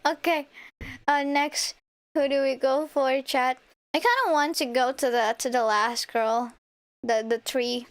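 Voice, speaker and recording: A young woman streamer giving excitable, playful game commentary, laughing and swearing freely. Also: sits high, measured pace, clean tone. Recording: faint game music behind.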